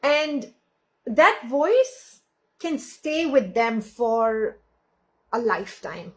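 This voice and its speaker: A woman gives a heartfelt motivational talk on a live stream. She speaks slowly and earnestly, pausing often. Her voice sits a bit high. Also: sing-song, a bit bright, low-quality recording. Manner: slow, earnest, with pauses.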